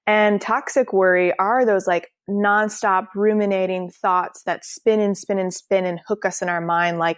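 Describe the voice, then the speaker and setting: A woman in her thirties speaks as a podcast guest in an easy, conversational way. Her voice sits a little low. She slips into playful quoted voices for her inner thoughts, recorded dry and close. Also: fairly even intonation, normal speed, few pauses, smooth, dry recording. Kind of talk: casual interview conversation.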